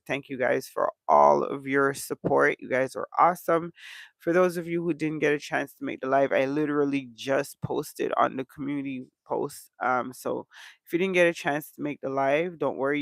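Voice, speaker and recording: Slow, gravelly stuffed-up man. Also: medium pitch, fairly bright tone, no room sound. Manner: chatty, many "um" fillers. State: stuffed-up nose. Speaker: reaction channel host. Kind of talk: casual reaction chat.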